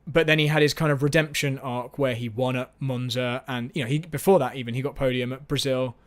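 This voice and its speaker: Man, casual live-stream host, rambling, self-mocking, mid-pitched voice. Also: steady tone, fairly quick. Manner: chatty, rambling, self-mocking, lots of restarts.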